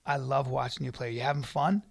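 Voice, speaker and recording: A man co-hosting a podcast in casual chat, animated and profane, breaking into loud mock rants. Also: mid-range voice, a little fast, creaky. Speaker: podcast co-host.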